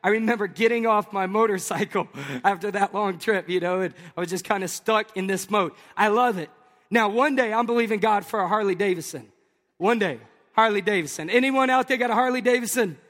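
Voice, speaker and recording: A pastor from Tennessee, telling an animated, jokey story to his congregation in a sermon. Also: high voice, fairly quick, in a large hall. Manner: animated, jokey, talks to the crowd.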